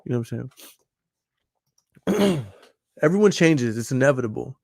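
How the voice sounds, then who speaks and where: In a clean studio recording with no echo, a man hosts a casual podcast, rambling and swearing heavily while repeatedly asking "you know what I'm saying" to check you're following. His voice is medium-pitched, expressive, gravelly and a touch mellow, moving at a moderate pace.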